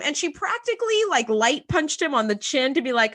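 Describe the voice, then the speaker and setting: A young woman co-hosts a casual podcast chat in an animated, exasperated way. Her voice sits high and bright, with a lively, swooping range. She acts out quotes as she vents. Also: a little fast. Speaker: podcast co-host.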